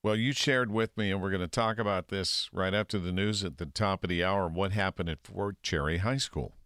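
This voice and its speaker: A low-pitched man co-hosting a radio talk show, asking questions in a calm, conversational way. His voice is recorded dry and close in the studio. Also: normal speed, no echo. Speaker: radio co-host. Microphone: studio microphone.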